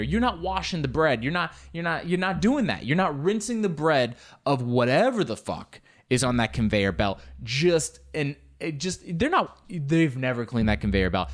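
A man telling a comic story in an animated, rambling way, swearing freely and exaggerating for laughs. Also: a little high. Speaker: comedian.

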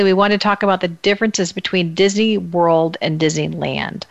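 A woman's voice: mid-range voice, creaky, fairly bright tone, no room sound. A woman hosting a podcast, chatty and upbeat, talking casually with two guests. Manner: chatty, upbeat, laughs easily. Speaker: podcast host.

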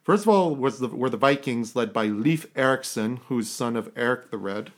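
A man's voice: mid-range voice, moderate pace. A man from Canada hosting a casual history podcast, rambling, correcting himself and chuckling at his own asides. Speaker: podcast host.

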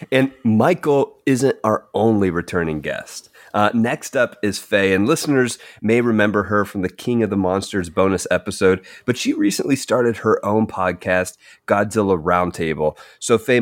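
Deep-voiced man hosting, dry teasing. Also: dry recording. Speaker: podcast co-host. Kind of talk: casual panel chat.

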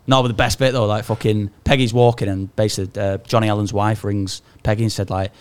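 A man's voice: on the low side, flat delivery, quick pace, darkish tone, clean tone. A man in his thirties, telling a story in casual, sweary podcast banter. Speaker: podcast co-host.

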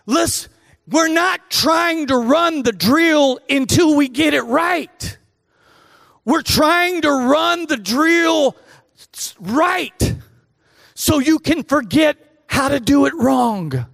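A preacher imitating a barking football coach. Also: male voice, very high-pitched, lively intonation, takes it slowly, gravelly, long reverb tail, pitched above the performer's own voice, heavily acted. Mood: yelling. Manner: shouting, clipped commands. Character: stern older male football coach barking at players.

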